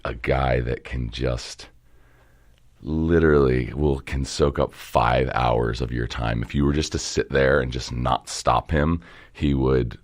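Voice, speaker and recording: A young man from the Baltimore area, an entrepreneur guest in a casual interview, rambling and animated, swearing now and then. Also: a bass voice, slow. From Baltimore area, Maryland.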